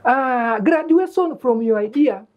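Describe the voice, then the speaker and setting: A man's voice: extremely high pitch, lively intonation, measured pace, dull audio. An actor playing a boastful young man who bosses his friends around in a comedy series. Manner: bossy, teasing. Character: boastful young man scheming a fake reality-show life. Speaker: student. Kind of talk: comedy web series acting.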